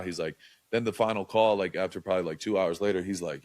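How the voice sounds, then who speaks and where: Young guy guesting on a podcast, low voice, rattles it off quick, tons of slang and fillers, real animated. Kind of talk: casual storytelling.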